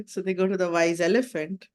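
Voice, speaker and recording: A woman's voice: medium pitch, normal speed, darkish tone. A woman hosting a spiritual wellness talk, telling a fable and asking the listener reflective questions. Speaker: meditation talk host.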